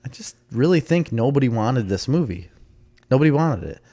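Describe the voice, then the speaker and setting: A man co-hosting a podcast in casual chat, opinionated and quick to talk over his co-host. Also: medium pitch, animated, warm tone.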